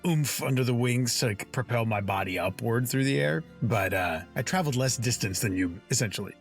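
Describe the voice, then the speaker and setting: A man's voice: medium pitch, a little fast, faint music behind. A man playing a tabletop role-playing game, talking casually and teasingly in character.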